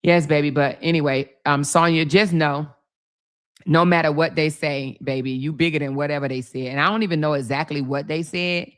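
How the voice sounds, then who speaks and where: A woman's voice: sits low, fairly even intonation, moderate pace. A woman, hosting a casual livestream, reading comments aloud and chatting in a sassy, laughing way, calling viewers baby and y'all. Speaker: livestream host.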